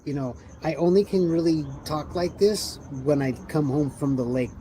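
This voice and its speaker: A man's voice: a little high, moderate pace, dark tone, slight background noise. A tired man hosting a livestream, rambling loosely and asking himself questions as he thinks aloud. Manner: loose, musing, wandering talk with rhetorical questions. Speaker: livestream host. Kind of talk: rambling casual livestream chat.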